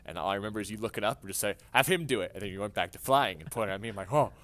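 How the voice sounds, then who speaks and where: A man in a casual podcast chat, earnestly recalling a memory and building to excited exclamations. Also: lowish voice, rapid-fire, dry recording.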